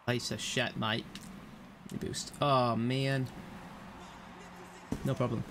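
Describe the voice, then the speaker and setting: A man of ordinary pitch talks his way through a live game stream, reading out viewer questions and reacting out loud to every play. He swears freely and easily, tossing in "mate" and mutters between moves. A faint hiss sits under his voice. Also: little pitch movement, very slow, pauses often. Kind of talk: casual live-stream chat while playing.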